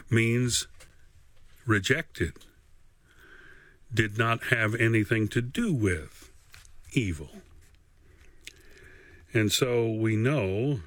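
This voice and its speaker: A man teaching a radio Bible lesson, slow and deliberate with long pauses. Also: fairly low pitch, dry recording.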